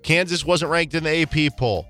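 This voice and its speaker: A man's voice: a little high, normal speed, faint music behind. Chatty man hosting sports talk. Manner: chatty, animated storytelling. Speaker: radio co-host. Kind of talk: casual sports chat.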